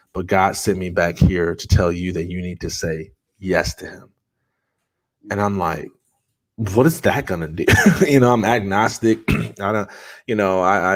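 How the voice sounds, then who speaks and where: A man, a podcast guest, telling a personal story in an earnest, conversational way, with frequent restarts. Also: low voice.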